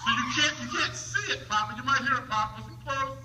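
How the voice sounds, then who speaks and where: A man's voice: very high-pitched, brisk, distant mic, over music. A man from the northern United States presenting a comedic science show for schoolchildren, playful and teasing like a showman. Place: school auditorium with a live audience. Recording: echoey hall recording.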